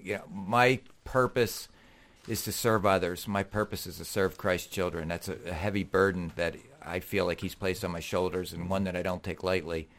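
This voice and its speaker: A middle-aged man, a guest and athletic trainer, telling stories in an animated, earnest, folksy way. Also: deep voice, moderate pace. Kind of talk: casual storytelling.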